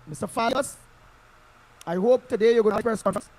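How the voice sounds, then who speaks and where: High-voiced Trinidadian man, impassioned commentary. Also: brisk, a little mellow. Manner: emphatic, repetitive, in local Creole phrasing. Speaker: political commentator.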